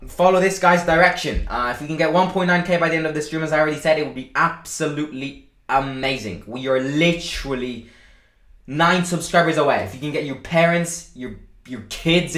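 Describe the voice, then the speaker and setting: A man hosting a live football watchalong stream, reacting excitedly to the match and chatting with his viewers. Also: fairly high pitch, echoey room. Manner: excitable, shouts and boasts at goals, chatty with viewers.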